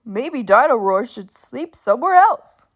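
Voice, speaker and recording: A woman's voice: on the high side, sing-song, measured pace. A woman reading a storybook aloud, voicing a good-natured, bumbling father pig in a hearty, plain-spoken way.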